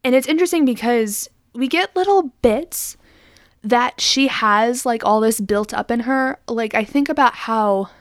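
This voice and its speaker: A woman co-hosting a film podcast, retelling scenes in an animated, chatty way with lots of fillers. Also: fairly high pitch, measured pace, no echo, studio quality. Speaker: podcast co-host. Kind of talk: casual film discussion.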